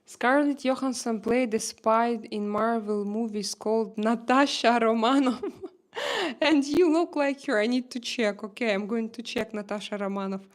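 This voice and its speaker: A woman's voice: on the high side, unhurried. A woman with a Russian accent hosting a casual live stream, chatting and reading viewer comments aloud with many fillers.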